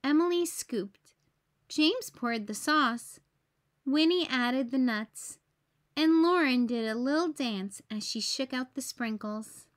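A woman reading a children's picture book aloud as a teacher, in a gentle storytelling manner for young kids. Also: high-pitched, expressive, takes it slowly.

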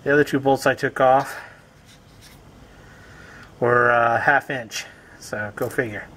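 Working beside a car in his home garage, a homestead-channel host walks viewers through a repair in a chatty, self-mocking DIY tutorial. His medium-pitched voice is steady, pushed and bright, and he takes it slowly.

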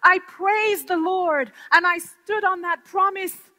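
High, bright woman giving dramatic testimony. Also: slow. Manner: dramatic, swings from hushed whispers to loud, tearful outcries. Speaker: speaker giving testimony to a women's gathering. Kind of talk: impassioned testimony. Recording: long hall reverb.

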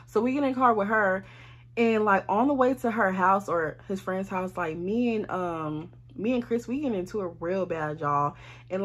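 Young woman, husky tone; animated, profane storytime vlogger. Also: mid-range voice. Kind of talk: casual storytime.

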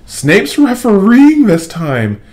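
A man voicing an intense teenage team captain in a children's book, stern and forceful. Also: medium pitch, big pitch swings, normal speed, pitched above the performer's own voice, natural voice. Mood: urgent. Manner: stern, shouting.

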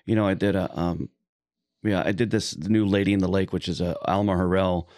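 Effusive low-voiced podcast host. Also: male voice, steady tone, fairly quick, darkish tone, no room sound, clean studio sound. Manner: effusive, laid-back, swears, lots of fillers. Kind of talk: casual podcast chat.

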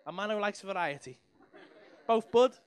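High, lively sweary comic. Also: male voice, normal speed, clear, resonant tone. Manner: sweary, teasing banter with the audience. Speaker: stand-up comedian. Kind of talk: crowd work stand-up. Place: comedy club stage.

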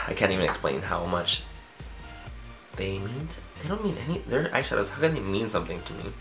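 A man's voice: on the low side, sing-song, quick pace, vocal fry, fairly bright tone, faint music behind. A man chatting as a beauty vlogger in a casual outro and bloopers, bubbly and rambling, mocking himself and swearing offhandedly.

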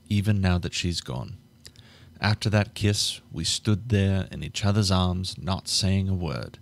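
A man narrating an audiobook live in a measured way, going back over flubbed lines. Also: deep voice.

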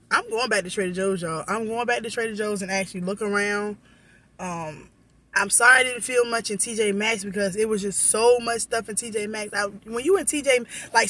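A woman's voice: medium pitch, fairly bright tone. Woman, casual vlog chat, blunt, chatty, handheld phone recording. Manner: chatty, blunt, swears freely; talks straight to viewers as y'all. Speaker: vlogger.

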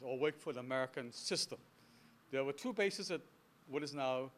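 A Bahamian man in his seventies giving a storytelling history lecture to an audience, animated and full of anecdotes and chuckling asides. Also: a little high. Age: 70s. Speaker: guest speaker. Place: lecture hall before an audience.

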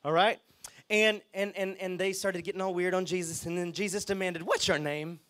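A man preaching a lively sermon as pastor, often checking in with the congregation. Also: high-pitched, a little fast. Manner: lively, chatty, asks the crowd okay and right.

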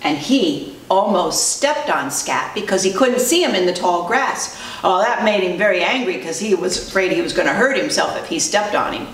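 A female preschool teacher telling a story to children in an animated way, asking them questions as she goes. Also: lowish voice, moderate pace. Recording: roomy distant recording, faint noise.

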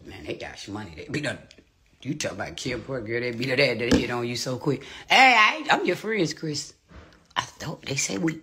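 A middle-aged woman ranting casually and crudely on a phone livestream. She rambles, drops to hushed asides and then breaks into loud, profane outbursts. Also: a bass voice, husky. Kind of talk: unscripted livestream rant.

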